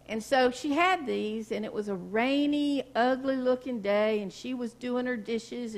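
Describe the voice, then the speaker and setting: A woman pastor preaching a sermon, telling stories in a folksy way and asking the congregation questions. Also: a little high. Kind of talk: sermon with storytelling. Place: church sanctuary.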